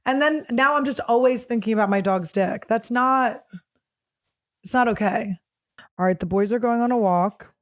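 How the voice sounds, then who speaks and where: A woman with a somewhat high voice runs a casual comedy podcast on her own. She rambles through raunchy stories in an animated, self-mocking way, with plenty of asides to the listener. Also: moderate pace. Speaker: podcast host.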